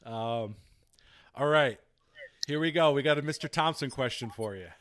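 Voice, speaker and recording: A man hosting a podcast, asking a guest questions in a relaxed, halting way with lots of fillers. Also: mid-range voice. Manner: relaxed, hesitant, many fillers. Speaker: podcast host. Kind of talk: casual podcast chat.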